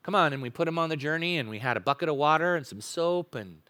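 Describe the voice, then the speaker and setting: Bright, animated male preacher. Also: fairly high pitch, quick pace, clear, resonant tone. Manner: animated preaching, swings from loud to soft. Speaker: pastor. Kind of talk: sermon.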